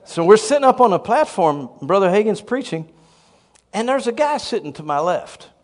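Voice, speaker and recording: A man who pastors a church, telling a story in a sermon with animated, self-deprecating humor. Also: sits high, big-room sound.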